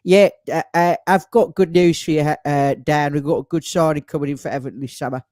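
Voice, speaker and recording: A man's voice: a little high, fairly even intonation, fairly quick, darkish tone, dry recording, clean studio sound, natural voice. A man doing an impression of an older football manager, rambling and heaping on stock praise. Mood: chummy.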